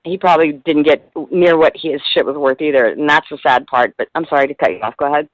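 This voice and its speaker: A woman's voice: low-pitched, fast talker, no room sound, muffled recording. A middle-aged woman guest in a casual radio interview, talking in a rambling, heartfelt way with plenty of swearing.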